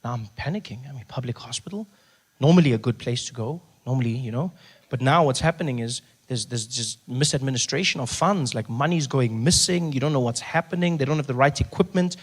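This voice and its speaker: A man's voice: mid-range voice, brisk. A man doing stand-up comedy, telling a story and acting out the people in it. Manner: animated, acts out characters, shouting bursts.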